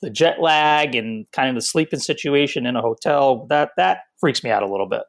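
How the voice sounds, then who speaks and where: A man's voice: medium pitch, lively intonation, fairly quick, gravelly. A man co-hosting a money show, chatting easily and agreeing with the host. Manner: easygoing, agreeable. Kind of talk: casual banter.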